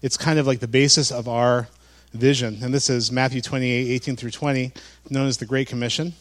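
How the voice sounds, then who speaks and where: A man preaching a sermon as pastor, in a relaxed, conversational way with frequent fillers and restarts. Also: mid-range voice, brisk.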